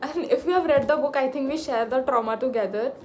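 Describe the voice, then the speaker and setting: A young woman, talking casually about books in an excitable, gushing way with sudden pitch jumps and frequent laughter. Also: fast, background noise. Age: young adult. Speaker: book vlogger. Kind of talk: casual book review chat.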